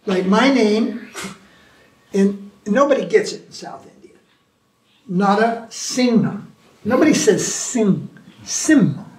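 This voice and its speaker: A man answering questions as a spiritual teacher in an informal talk, animated, sometimes imitating chanting. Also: sits high, unhurried. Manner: animated storytelling, mimics chanting. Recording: echoey room from far off.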